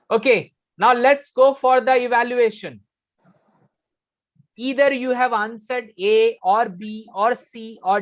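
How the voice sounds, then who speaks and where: A middle-aged man with an Indian English accent, teaching a live online communication class and repeating his key phrases, slipping into Hindi at times. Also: high voice. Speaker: communication trainer.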